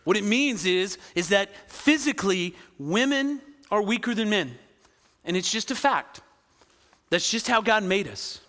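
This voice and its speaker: A man preaching a lively sermon, often asking the crowd "right?" and acting out quoted voices. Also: sits high, unhurried, big-room sound. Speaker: pastor.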